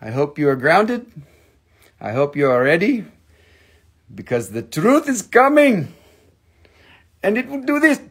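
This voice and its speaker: A man rambles playfully through a casual live stream from home, cracking jokes as he goes. His voice sits high and carries a gravelly, husky edge, and he takes his time, speaking slowly. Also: very animated. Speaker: live-stream host selling stones.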